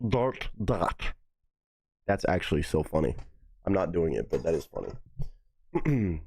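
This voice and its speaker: A man's voice: medium pitch, a little mellow. A young man chatting casually on a live stream, loose and profane, musing aloud as he goes.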